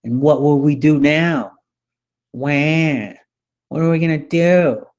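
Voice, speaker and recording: A man's voice: a little high, slow, darkish tone, lo-fi sound. A man mocking a whiny young complainer. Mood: whining. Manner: mocking, whining. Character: whiny young adult complaining about losing benefits.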